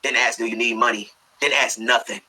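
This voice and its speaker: A man's voice: mid-range voice, steady tone, brisk, bright, forceful tone, slightly rough, rough recording. A man hosting an interview, outraged and emphatic as he asks questions. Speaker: interview host. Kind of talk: emotional interview talk.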